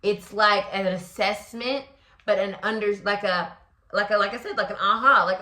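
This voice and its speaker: A woman who reads tarot and hosts astrology content gives a solo tarot reading in a bright, forward voice of medium pitch at a normal speed. She's expressive and talks freely, using many fillers and slipping into acted-out inner voices. The room adds a noticeable echo to the recording.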